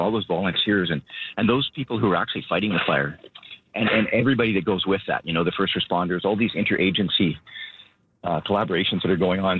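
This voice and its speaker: A man speaking as a local government spokesperson, out of breath and earnest, rambling with halting restarts. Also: low-pitched, breathy edge. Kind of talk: phone interview. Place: outdoors at his vehicle. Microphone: phone. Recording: tinny phone line.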